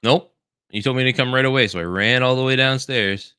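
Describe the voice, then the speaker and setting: A man's voice: mid-range voice, fairly quick, bright, forceful tone, clear, resonant tone, no room sound, studio quality. A man who just woke up, chatting casually as co-host in an easygoing way. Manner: sleepy, easygoing. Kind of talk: casual chat.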